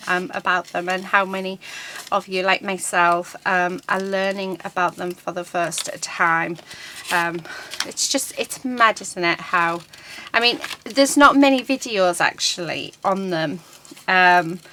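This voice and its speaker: Middle-aged woman, casual crafting host, rambling with lots of ums, bright and forceful tone, faint background hiss. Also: mid-range voice, poor audio. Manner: chatty, rambling, many ums. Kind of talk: casual crafting chat while working.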